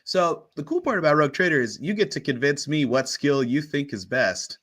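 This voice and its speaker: Bright-voiced man running a tabletop game. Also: a little high, animated, brisk, husky. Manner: laughs often, chatty. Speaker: game master.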